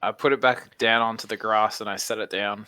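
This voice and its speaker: A man's voice: on the low side, fairly even intonation, a little fast, pushed and bright, smooth, no echo. A man playing in a tabletop game, playful and chatty, with laughing asides. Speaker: player. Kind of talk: casual tabletop game play.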